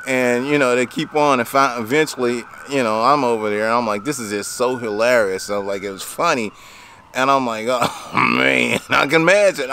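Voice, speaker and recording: A man's voice: mid-range voice, a bit bright, slight background noise. A man who runs a lawn care business casually tells a story, rambling with many fillers and laughing often.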